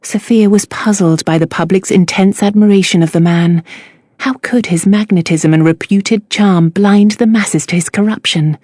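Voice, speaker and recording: In this scripted narration, a woman reads from a novel audiobook at a measured, even pace. Her pitch is medium, and the clean studio sound carries no echo.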